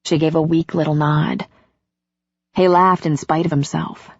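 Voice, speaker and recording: A woman narrates a romance audiobook in a slow, intimate reading. Her voice sits low and husky, close and dry. The recording has a dull, lo-fi sound. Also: fairly even intonation, no room sound.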